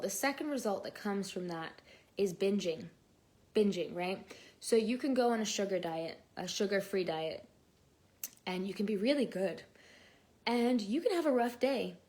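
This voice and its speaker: A woman's voice: medium pitch, a little mellow. A young pregnant woman teaching an online lesson in a chatty, earnest way, with many fillers and restarts, on a built-in mic. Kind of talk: casual talk-to-camera lesson. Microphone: built-in mic, no headphones.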